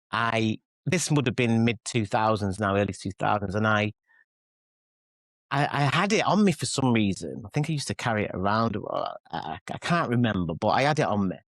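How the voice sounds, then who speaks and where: A man's voice: on the low side, a bit bright, no echo. A man in his forties with a Mancunian accent, a guest telling candid, self-deprecating stories in an interview. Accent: Mancunian English. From England. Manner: rambling, self-deprecating, with frequent restarts and acted-out quotes. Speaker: guest, pop singer and author.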